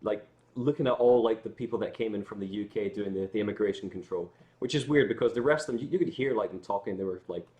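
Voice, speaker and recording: Scottish male guest, low-pitched and quick, loose rambling chat full of "like" and restarts. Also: a little mellow. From Scotland. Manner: rambling storyteller with frequent fillers and restarts. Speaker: guest musician. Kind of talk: casual livestream chat.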